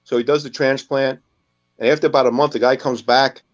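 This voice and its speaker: A man's voice: mid-range voice, steady tone, fairly quick, dull audio. A man co-hosting a web show, telling jokes and acting out the characters' lines. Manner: storyteller who acts out the characters' lines. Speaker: co-host.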